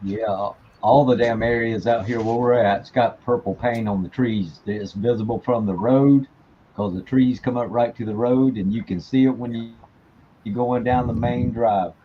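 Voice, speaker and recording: A man's voice: mid-range voice, steady tone, moderate pace. A man speaking bluntly and profanely in casual chat. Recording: dull lo-fi with faint noise.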